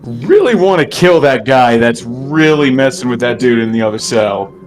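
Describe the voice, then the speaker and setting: A man's voice: medium pitch, lively intonation, normal speed. A man playing a tabletop roleplaying game, speaking casually and hesitantly out of character. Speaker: player.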